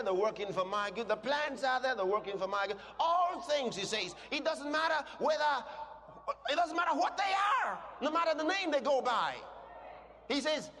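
Male preacher, high and lively voice, emphatic sermon with shouted peaks, long hall reverb. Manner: emphatic, swings from quiet teaching to shouted declarations; asks the congregation questions.

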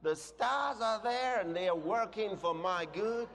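A man preaching a sermon to a congregation, speaking emphatically and breaking into shouted declarations. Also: high voice, animated, unhurried. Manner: asks the congregation questions. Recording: long reverb in a large hall.

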